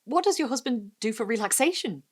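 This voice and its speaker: A woman's voice: on the high side, lively intonation, brisk, pitched above the performer's own voice. A woman doing a timid, nervously polite mother. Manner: nervously polite, eager to agree.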